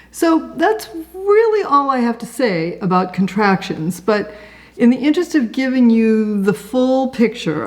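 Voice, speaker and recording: A woman's voice: medium pitch, darkish tone. A woman teaching writing in a casual instructional talk, chatting conversationally and asking the listener rhetorical questions.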